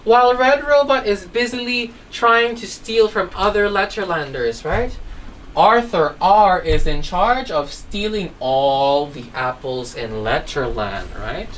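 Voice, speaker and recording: A woman's voice: lowish voice, lively intonation, takes it slowly. Woman, phonics teacher, storytelling for kids, keeps checking "right?", set back from the mic, faint hiss. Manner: asks constant check questions. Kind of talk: online children's phonics lesson. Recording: distant mic, faint background noise.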